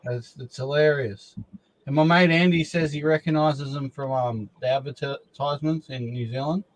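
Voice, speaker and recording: A man's voice: medium pitch, fairly even intonation, moderate pace, poor audio. A man eagerly chatting on a livestream, repeating himself and rambling a little. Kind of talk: casual chat on a livestream.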